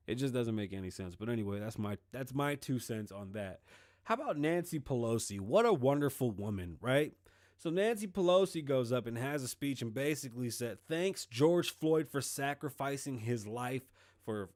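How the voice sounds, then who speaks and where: A middle-aged man hosting his own show, talking loose and sarcastic, with plenty of swearing and the dry mouth of someone who says he is high. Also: darkish tone, dry recording. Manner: loose, rambling, profane and sarcastic. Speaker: show host. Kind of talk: casual political commentary.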